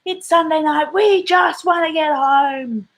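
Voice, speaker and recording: Woman doing an impatient aussie lady customer, whiny, pitched way up. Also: a little slow. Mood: complaining. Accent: Australian.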